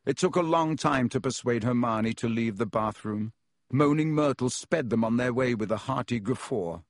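A man narrating an audiobook with steady storytelling. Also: mid-range voice, normal speed, no echo, clean studio sound. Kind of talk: scripted narration.

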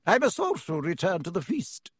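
Man voicing a stern female professor, clipped, commanding, higher voice, husky edge. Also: very animated, moderate pace, dry recording, studio quality, exaggerated voice.

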